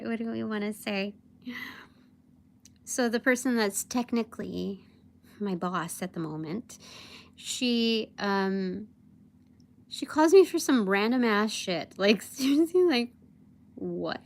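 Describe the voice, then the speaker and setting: Young woman venting on a livestream, kinda high voice, lots of ums and likes. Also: slow, creaky, pauses often. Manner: rambling, animated, many fillers, mimics her boss. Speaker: vlogger. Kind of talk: casual livestream storytelling.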